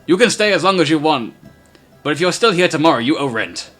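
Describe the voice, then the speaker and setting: A man's voice: fairly high pitch, sing-song, fairly quick, fairly bright tone, faint music behind, pitched above the performer's own voice. A man voicing a gleeful, proud female goblin inventor who speaks in clipped, broken sentences.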